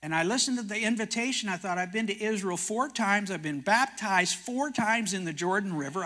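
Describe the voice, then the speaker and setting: Older Canadian man preaching to a room, high and bright voice, folksy storyteller with quoted dialogue. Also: fairly quick, hardly any pauses. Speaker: prophecy teacher and TV host. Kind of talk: sermon-style storytelling talk.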